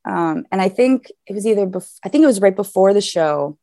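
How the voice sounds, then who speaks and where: A woman's voice: mid-range voice, expressive, fairly quick, mellow, no room sound, studio quality. A woman raised in the American South who tells stories in a casual chat. She talks animatedly and laughs often.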